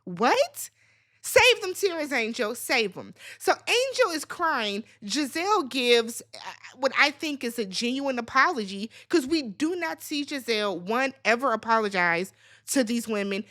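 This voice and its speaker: Sassy, bright-voiced woman ranting. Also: a little high, very animated, unhurried. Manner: sassy, blunt and profane, swinging into loud squeals. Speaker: recap channel host. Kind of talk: casual reality TV recap rant.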